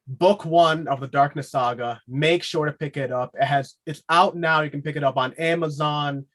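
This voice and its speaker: A man hosting a casual podcast interview, enthusiastic and quick to laugh, often repeating himself. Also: fairly high pitch, a bit bright. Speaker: podcast host.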